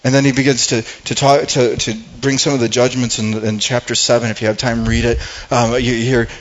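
A man's voice: mid-range voice, little pitch movement, fairly quick, highs cut off. A pastor preaching a sermon in a conversational way, often repeating words and restarting his sentences.

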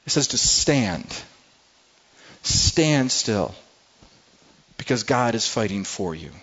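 A man's voice: on the low side, big pitch swings, slow pace, fairly bright tone, breathy edge, muffled recording. A man preaching a sermon as pastor, earnest and often repeating words as he goes.

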